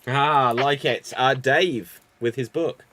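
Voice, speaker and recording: A man's voice: mid-range voice, slow pace, a bit bright. A man hosting an improv comedy show, upbeat and laughing as he calls on players. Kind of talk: casual hosting.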